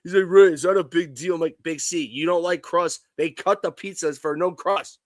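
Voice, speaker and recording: A man's voice: fairly high pitch, brisk, no room sound. A man in his thirties, co-hosting a live sports stream, telling stories in a rambling way with many restarts. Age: 30s. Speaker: co-host. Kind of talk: casual live-stream banter.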